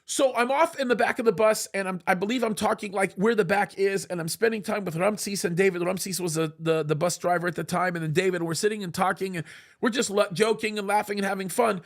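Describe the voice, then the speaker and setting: A male show host telling a story in a casual studio chat, animated and acting out what people said. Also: high voice, fairly quick. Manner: animated, acts out quoted speech.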